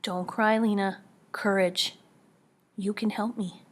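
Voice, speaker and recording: A woman reading as a gentle father saying goodbye to his children, calm and urgent in a hushed voice. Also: mid-range voice, slow pace. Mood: tender urgent.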